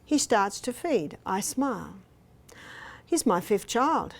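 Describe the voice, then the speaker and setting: A woman's voice: medium pitch, very animated, slow pace, gravelly. An older woman speaking at a health seminar, telling personal stories and acting out what people said. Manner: storytelling, acts out quoted speech. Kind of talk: seminar talk with personal anecdotes. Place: hotel meeting room.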